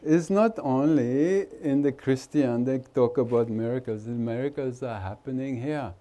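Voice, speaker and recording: A man's voice: mid-range voice, moderate pace, mellow. A man with an Indian accent, a spiritual teacher giving an informal, teasing talk to a gathering and laughing often. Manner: chatty, teasing, laughs often, nonnative grammar.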